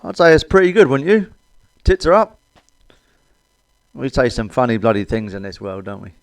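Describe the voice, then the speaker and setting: A man's voice: mid-range voice, very animated, moderate pace, dry recording. A middle-aged British man doing a crude stand-up comedy monologue, blunt and cheeky, swearing often. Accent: British English.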